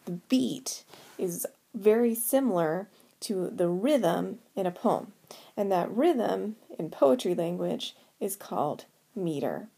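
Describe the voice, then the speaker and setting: A woman teaching poetry, speaking slowly and sounding out stressed syllables with care. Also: mid-range voice, expressive, creaky, dark tone, breathy edge. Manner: slow, deliberate, sounding out stresses. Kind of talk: explaining poetic meter to students.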